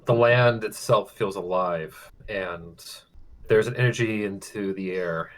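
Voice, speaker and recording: A man with a fairly low, grounded voice narrates a tabletop adventure as the game master. He speaks in a measured, deliberate way and often stops to hesitate and gather his words. The delivery is unhurried scene-setting for his players.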